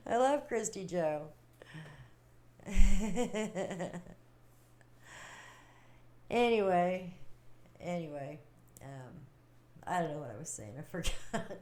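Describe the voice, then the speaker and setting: A woman hosting a casual livestream, chatting warmly with viewers, reading their comments and laughing often. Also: mid-range voice, lively intonation, a little slow, long pauses. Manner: chatty, giggly, reading chat aloud. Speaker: livestream host.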